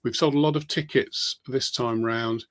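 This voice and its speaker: A man's voice: medium pitch, fairly even intonation, normal speed, a bit bright. A man hosting a live stream, plugging an event in an enthusiastic, repetitive way. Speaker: host.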